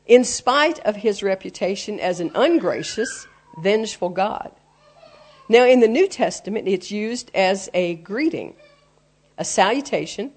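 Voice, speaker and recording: A woman's voice: mid-range voice, a little mellow. Earnest woman preaching a sermon. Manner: earnest teaching tone, explains word meanings, quotes scripture.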